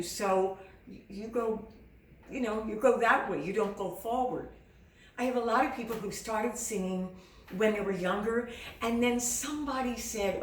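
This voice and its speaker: A woman's voice: fairly high pitch, roomy sound, distant mic. A middle-aged woman singing teacher giving earnest, encouraging advice to beginners and acting out their self-doubt. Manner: earnest, encouraging, acts out students' inner doubts. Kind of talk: direct-to-camera teaching.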